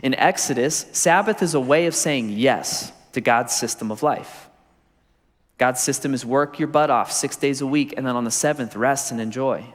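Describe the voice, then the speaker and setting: A man's voice: medium pitch, normal speed. A male pastor preaching a sermon on a church stage, with punchy repetition and wry humor. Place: large church auditorium. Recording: long reverb of a large hall.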